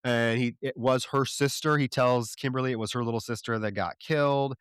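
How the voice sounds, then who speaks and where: A male podcast co-host retells a film's plot in loose, profane chat, slipping into characters' lines as he goes. His voice is smooth and resonant. The recording is close and dry. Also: mid-range voice, fairly even intonation, fairly quick, no room sound. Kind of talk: casual plot recap.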